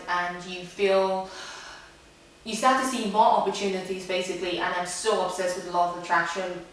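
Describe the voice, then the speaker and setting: A woman's voice: on the low side, a little hiss or hum. Chatty woman in an echoey room. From Nigeria. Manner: chatty, laughs easily, trails off softly. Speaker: vlogger. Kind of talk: casual chat to camera. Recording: echoey room, far from mic.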